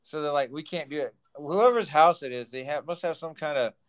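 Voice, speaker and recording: A man's voice: on the high side, fairly quick, clean tone, muffled recording. Chatty man teacher co-hosting a podcast. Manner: chatty storyteller, laughs often. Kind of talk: casual chat.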